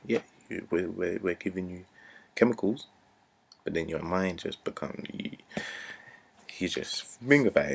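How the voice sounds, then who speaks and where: A young man in his twenties with a very low, gravelly voice. He talks earnestly and off the cuff, repeating his points and sinking into a near-whisper now and then. His tone has a husky, rough edge. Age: 20s. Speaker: vlogger. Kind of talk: unscripted rant to camera.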